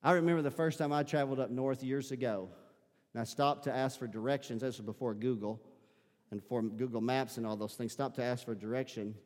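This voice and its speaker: Here a Southern pastor, from the American South and with a matching accent, preaches in a mid-range, darkish voice that stays steady and moves a little fast. The live stream captures a reverberant sanctuary as he surges into emphatic bursts and calls to his congregation.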